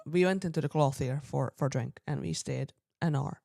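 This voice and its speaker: A woman's voice: low-pitched, brisk, no echo, studio quality. Chatty woman storyteller. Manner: chatty, quotes people in lively voices, frequent throat clearing. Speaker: podcast co-host. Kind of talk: casual storytelling chat.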